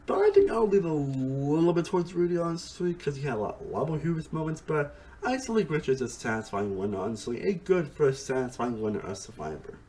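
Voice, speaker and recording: Animated rambling man reviewing a show. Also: on the high side, fast, slight background noise. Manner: rambling, often repeats "honestly" and "again"; restarts sentences mid-thought. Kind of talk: casual spoken review.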